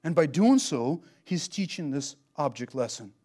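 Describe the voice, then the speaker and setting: Male preacher, high voice, animated, leans on rhetorical questions. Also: moderate pace. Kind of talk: expository sermon.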